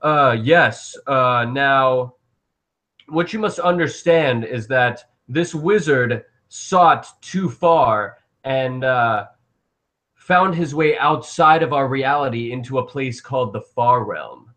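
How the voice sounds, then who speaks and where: A man doing a slow, lofty old guardian. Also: medium pitch, bright, forceful tone.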